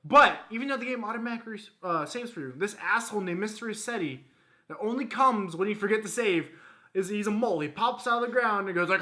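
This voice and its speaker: A man's voice: high voice, quick pace, bright, forceful tone. A man co-hosting a video game countdown show, announcing the entries and joking in casual, profane banter. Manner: profane, jokey, announces the list. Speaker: co-host of a gaming countdown show.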